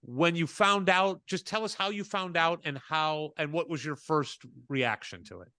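A man's voice: fairly high pitch, normal speed, pushed and bright, dry recording, studio quality. A man co-hosting an interview, asking long, enthusiastic, rambling questions. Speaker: podcast co-host. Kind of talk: casual interview chat.

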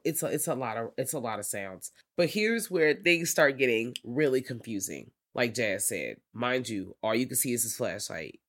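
A man co-hosting a podcast, thinking aloud about a film in casual chat, often stopping to back up and rephrase. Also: medium pitch. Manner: thoughtful, hesitant, backtracks often. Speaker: podcast co-host.

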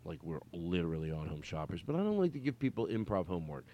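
Middle-aged male comedy host, animated pitch, rambling and giggly. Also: fast talker, muffled recording. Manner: laughs often, rambling storyteller. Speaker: podcast host. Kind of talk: casual comedy chat.

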